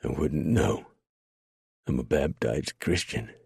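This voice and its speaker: A man's voice: very deep voice, takes it slowly, creaky, darkish tone, slightly rough, dry recording, clean studio sound, heavily acted. A man voicing a wounded, dying male outlaw, bitter and gasping out his words. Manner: gasping, faint.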